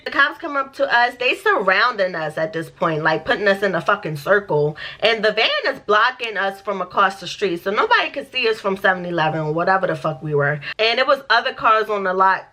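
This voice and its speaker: Bright-voiced, animated woman. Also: mid-range voice, a little fast, hardly any pauses. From United States. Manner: animated, profane, acts out dialogue. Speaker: vlogger. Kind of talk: storytime vlog.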